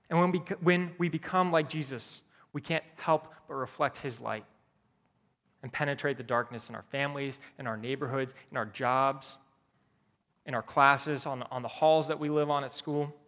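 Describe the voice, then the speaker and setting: A man's voice: fairly high pitch, unhurried, a bit bright. A man preaching a sermon as pastor, earnest and repeating key phrases for emphasis. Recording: long hall reverb.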